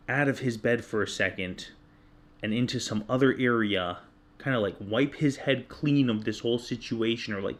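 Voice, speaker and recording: A man in his thirties telling a personal story in casual chat, candid and self-deprecating, getting animated when he retells his own yelling. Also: on the low side. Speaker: podcast co-host.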